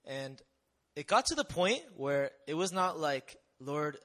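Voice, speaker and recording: A young man with a bright, slightly high voice tells his testimony to a live audience. He speaks conversationally and animatedly, often stopping to ask rhetorical questions. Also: very animated, measured pace. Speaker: missionary speaker.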